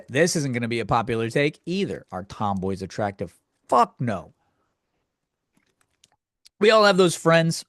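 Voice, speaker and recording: A man hosting a comedy podcast, ranting through a story, jumping up into squealing highs when he quotes himself. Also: no room sound, studio quality. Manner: loud animated storytelling, squealing high for quoted outbursts. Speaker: podcast host. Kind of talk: comedic rant.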